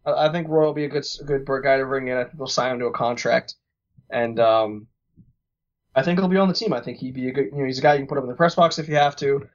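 A man's voice: medium pitch, fast talker. Young guy co-hosting sports chat, jokey, rambly, muffled lo-fi mic. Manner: joking, rambling, repeats words. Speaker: podcast co-host. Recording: dull lo-fi recording.

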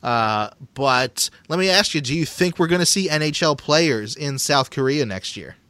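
A man's voice: fairly high pitch, lively intonation, normal speed, sharp tone, no echo. Chatty upbeat man, dry close sound. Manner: upbeat, chatty, frequent fillers. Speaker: podcast co-host. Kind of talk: casual hockey podcast chat.

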